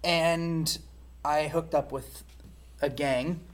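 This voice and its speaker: A man's voice: fairly high pitch, fairly even intonation, drawn-out words. Man telling a frank personal story. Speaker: interview guest. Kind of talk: candid personal testimony.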